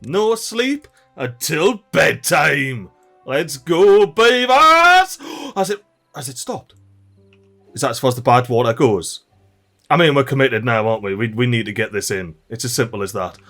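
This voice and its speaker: A young man commentating a strategy game, animated and frantic, often shouting at his in-game workers. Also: mid-range voice, moderate pace, faint music behind. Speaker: gameplay commentator. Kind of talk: let's play commentary.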